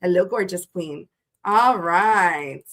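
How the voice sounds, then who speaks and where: A woman's voice: fairly low pitch, slow, fairly bright tone. A woman hosting a tarot livestream, greeting her chat viewers one by one in a chatty, playful way that swears freely, and she sounds tired.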